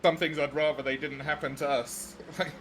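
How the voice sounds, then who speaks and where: A man's voice: fairly high pitch, flat delivery, moderate pace, crowd noise. A man chatting casually with sim racing teammates, easygoing and agreeable, chuckling along. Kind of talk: casual chat in team voice chat.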